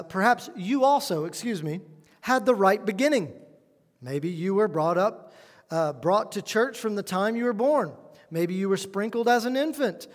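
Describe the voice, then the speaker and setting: High-voiced preacher in a reverberant hall. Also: male voice. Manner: earnest, emphatic preaching with shifts between loud stress and quiet asides. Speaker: pastor. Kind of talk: sermon. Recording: long reverb of a church hall.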